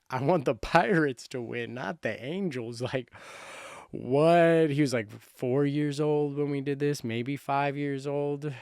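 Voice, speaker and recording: A man's voice: mid-range voice, a little mellow, clean tone, no room sound, clean studio sound. A man in his thirties hosting a sports show, making playful, boastful predictions in a casual chat. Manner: boastful, playful, self-correcting.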